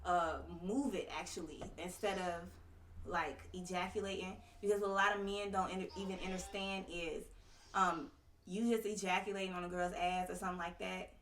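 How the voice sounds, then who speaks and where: A woman's voice: on the low side, fairly even intonation, normal speed, fairly bright tone, distant mic. A woman speaking as a podcast guest on tantric sex, explaining with conviction and loose slang in casual conversation. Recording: roomy, a little off-mic.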